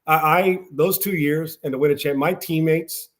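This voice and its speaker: A man's voice: on the high side, steady tone, moderate pace. A man who played pro football, talking sports with enthusiasm, rambling and calling people brother. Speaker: former football player, guest commentator. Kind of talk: casual sports talk.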